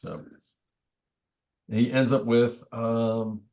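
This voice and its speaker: A man's voice: mid-range voice, level tone, drawn-out words, vocal fry, warm tone. A man, a priest, teaching a book study group in a conversational, thoughtful way with wry asides. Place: church meeting room.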